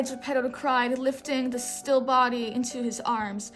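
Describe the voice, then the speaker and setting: A woman's voice: high voice, fairly even intonation, unhurried, music in the background, poor audio. A woman reading a picture book aloud with a sore throat, often stumbling and rereading words. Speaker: storybook reader.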